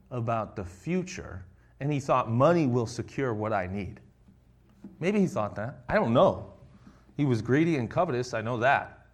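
A man preaching a conversational sermon, reading scripture and acting out the quoted lines. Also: medium pitch.

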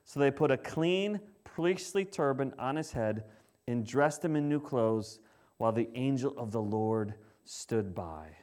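A middle-aged man preaching a sermon in a conversational way, often asking the congregation questions and dropping to a hushed, solemn tone when reading scripture. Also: mid-range voice. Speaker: pastor.

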